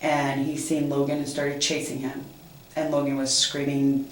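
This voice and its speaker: A woman being interviewed as a mother, giving a halting personal account with many pauses and fillers. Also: sits low, flat delivery, echoey room, a little hiss or hum, rough recording.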